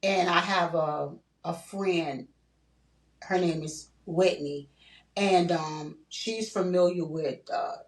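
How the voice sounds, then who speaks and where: A woman's voice: on the low side, takes it slowly. An older woman telling her personal story in a candid podcast conversation, earnest and repetitive, full of "you know" and "like". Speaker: guest sharing her story. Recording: roomy, distant mic.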